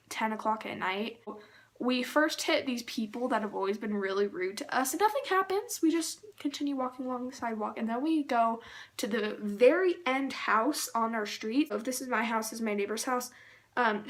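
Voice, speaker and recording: Young female vlogger, slightly high voice, chatty and rambling storyteller, casual storytime delivery. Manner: rambling and excitable, with fillers.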